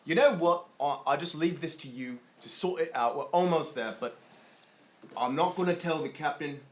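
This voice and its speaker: A man voicing a greedy, grumbling male ship crewman who haggles in rough working-class speech. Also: a little high, normal speed, natural voice. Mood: haggling. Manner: gruff, bargaining, rough working-class grammar.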